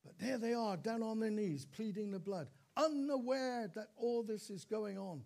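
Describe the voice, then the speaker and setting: A man's voice: high voice, normal speed, vocal fry, a little mellow. A man, older, preaching a sermon in a church, telling stories with dramatic repeats and calls of praise.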